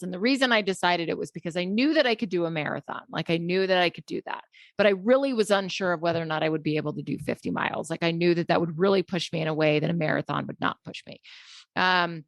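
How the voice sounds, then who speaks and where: A middle-aged woman, a psychologist guest, telling a personal story candidly in a relaxed interview. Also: lowish voice, creaky, no echo, clean studio sound. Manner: candid, conversational, many fillers.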